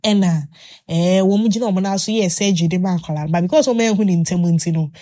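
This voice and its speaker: A woman host telling a long story in casual chat, animated, with many fillers and restarts. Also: on the low side, fast talker.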